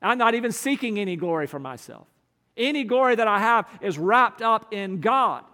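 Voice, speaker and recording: High-voiced pastor preaching in a reverberant hall. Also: male voice, animated, bright, forceful tone. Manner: earnest, slows and stresses key phrases. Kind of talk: sermon.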